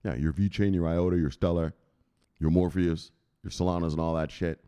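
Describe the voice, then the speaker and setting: A man's voice: low voice, fairly even intonation, a little fast, warm tone, clear, resonant tone. A man hosting a crypto news vlog in a casual, blunt and profane way.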